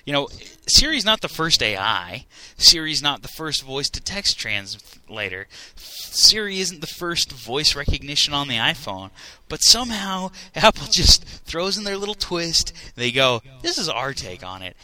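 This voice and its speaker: A young man in casual chat, telling stories excitedly and laughing often. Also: a little high, unhurried, hardly any pauses, poor audio.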